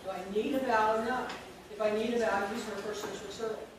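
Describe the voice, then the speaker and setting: A woman's voice: mid-range voice, steady tone, very fast. A woman leading a phonics training workshop for teachers, drilling sounds and syllables and quizzing the room. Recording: echoey room, distant mic, noisy.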